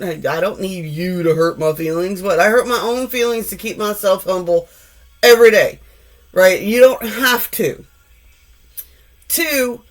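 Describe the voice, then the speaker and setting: Blunt, profane woman tarot reader. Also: fairly low pitch. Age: 40s. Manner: rambling, many restarts and "like". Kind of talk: casual tarot reading.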